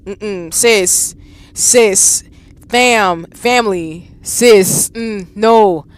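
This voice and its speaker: A woman hosting a gaming channel, reacting loudly to a visual novel and repeating words in rapid bursts. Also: medium pitch, clean tone, dry recording. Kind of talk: reacting aloud while playing a visual novel.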